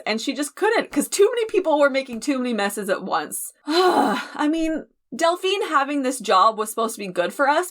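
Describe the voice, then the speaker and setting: Animated young woman reacting to a show. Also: a little high. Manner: animated and emotional, laughs often, speeds up for sign-off. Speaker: reaction channel host. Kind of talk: casual reaction commentary.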